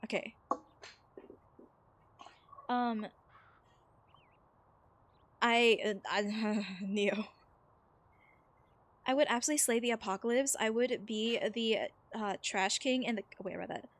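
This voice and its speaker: A woman's voice: a little high, takes it slowly, pauses often. A woman streaming a game, chatting casually with viewers in a rambling, filler-heavy way and reading chat messages aloud. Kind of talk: casual chat while gaming.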